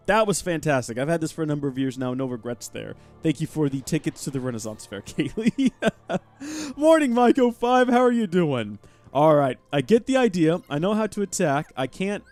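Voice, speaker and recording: Animated chatty male game streamer. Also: medium pitch. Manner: chatty and animated, thanking chat mid-game. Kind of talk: live gameplay commentary.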